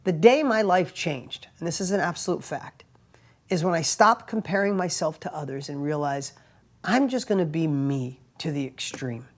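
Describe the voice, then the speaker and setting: Animated man giving a casual motivational talk. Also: fairly high pitch, moderate pace. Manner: animated, emphatic storytelling with rising bursts and hushed asides; plain everyday wording, frequent "right?" tags. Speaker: motivational speaker and entrepreneur host.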